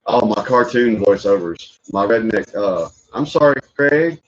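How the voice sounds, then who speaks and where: A man hosting a reaction stream, chatting casually and telling animated stories with frequent laughter. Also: fairly low pitch, measured pace. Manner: animated storyteller who laughs often and slips into impressions. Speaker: stream host reacting to videos. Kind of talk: casual chat. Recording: muffled lo-fi audio.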